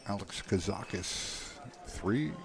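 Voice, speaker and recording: A man with a low voice handles live pool play-by-play in a relaxed tone. He reads the score, explains shots and riffs easily with his co-commentator. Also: slow pace, gravelly. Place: pool hall.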